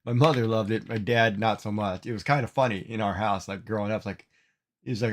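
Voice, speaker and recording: A man's voice: fairly low pitch, fast, creaky. Chatty middle-aged male streamer. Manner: rambling, emotional, repeats words. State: tearful, crying. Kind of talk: casual livestream chat.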